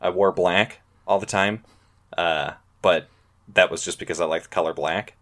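Deep-voiced laid-back man hosting. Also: fairly even intonation, moderate pace, fairly bright tone. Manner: laid-back, trails off with fillers. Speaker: podcast host. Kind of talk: casual chat.

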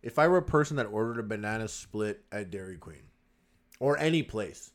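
A man co-hosting a casual podcast chat, animated and often laughing, swearing freely and acting out little scenes. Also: on the low side, a little fast. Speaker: podcast co-host.

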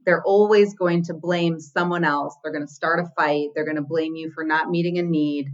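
A woman therapist talks through relationship patterns in a casual podcast chat, acting out quoted lines as she goes. Her voice sits somewhat low. The audio sounds a little dull and lo-fi. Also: steady tone, moderate pace. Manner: explanatory, acts out quoted lines. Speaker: therapist guest.

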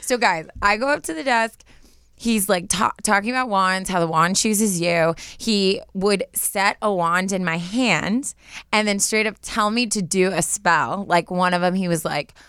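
A woman in her thirties co-hosting a casual chat, telling a story excitedly with quick bursts and frequent giggles. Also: medium pitch, clear, resonant tone, no room sound, clean studio sound. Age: 30s. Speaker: podcast co-host.

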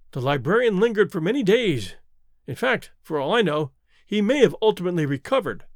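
A man reading as a wry urbane gentleman. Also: high voice, dry recording, clean studio sound.

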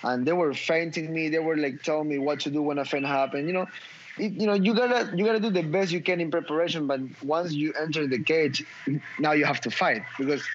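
A man's voice: fairly high pitch, brisk. A man who fights in mixed martial arts, giving a post-fight interview, talking emphatically with lots of swearing, stumbling and repeating words. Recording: dull audio with clear background noise.

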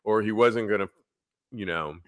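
Animated, laughing man podcast host. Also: lowish voice, normal speed. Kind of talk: casual chat.

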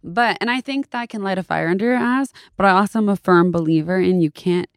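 A woman's voice: mid-range voice, fast, smooth, no room sound, studio quality. A woman co-hosting a podcast, speaking in an earnest, reflective way. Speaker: podcast co-host. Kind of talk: casual chat.

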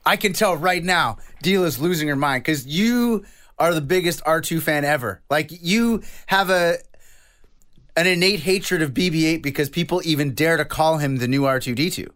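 A man in casual chat, animated and openly emotional, swearing casually. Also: on the high side, normal speed.

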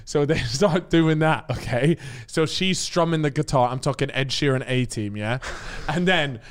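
Animated man telling a story. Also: a little high, normal speed, smooth. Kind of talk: casual chat.

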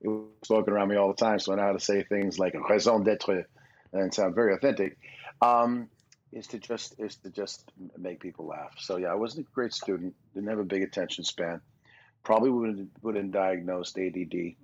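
Very deep, husky-voiced older man. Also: fairly even intonation, moderate pace. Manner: rambling, self-deprecating storytelling. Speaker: guest voice actor. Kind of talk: casual podcast interview. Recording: dull lo-fi recording.

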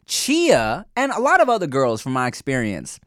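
A man's voice: medium pitch, wildly swooping pitch, moderate pace, a bit bright, no echo, clean studio sound. A man co-hosting a casual podcast chat, talking in a loose, slangy, teasing way. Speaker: podcast co-host.

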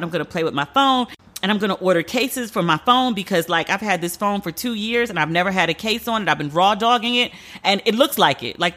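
A woman's voice: medium pitch, pushed and bright. A young woman hosting a podcast, ranting in a blunt, profane, casual way with mock disbelief. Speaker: podcast host. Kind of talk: casual comedic rant.

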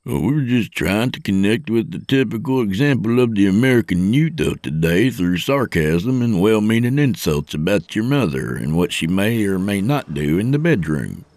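A man's voice: lowish voice, big pitch swings, normal speed, hardly any pauses, a little mellow, no room sound, voice pushed up. A man voicing a wisecracking trucker close to fifty, who teases with sarcasm. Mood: joking. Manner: sarcastic, teasing. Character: wisecracking middle-aged male trucker, nearly fifty.

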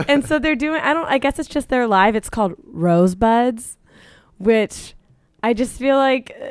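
Young woman podcast cohost, chatty and giggly, smooth clear voice, dry close sound. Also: fairly high pitch, lively intonation, a little slow, dry recording. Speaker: podcast co-host. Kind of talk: casual chat.

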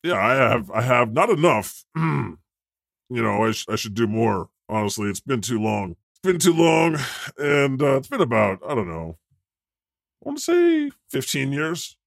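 A man with a lively, swooping voice hosts a comedy podcast in character as God. He rambles through jokes, corrects himself with a laugh and keeps things loose. The sound is dry and close. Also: mid-range voice, unhurried, gravelly, dry recording. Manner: jokey, rambling, self-deprecating, laughs often. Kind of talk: improvised comedy chat.

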